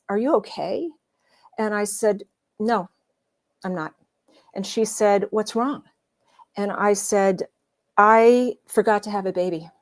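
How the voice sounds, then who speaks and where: A woman, older than her forties, telling a candid personal story in a conversational way, with many pauses and fillers. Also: fairly high pitch. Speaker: guest storyteller.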